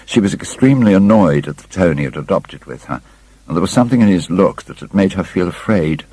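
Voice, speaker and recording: A man reading an audiobook aloud, narrating in a measured, literary storytelling manner. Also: sits low, lively intonation, dark tone, slightly rough, dry recording, poor audio. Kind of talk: scripted narration.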